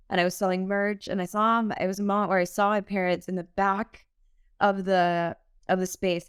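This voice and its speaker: Smooth-voiced young woman telling her story earnestly. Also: mid-range voice, no room sound, clean studio sound. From United States. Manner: earnest, emotional, laughs often. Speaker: singer-songwriter guest. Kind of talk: candid podcast interview.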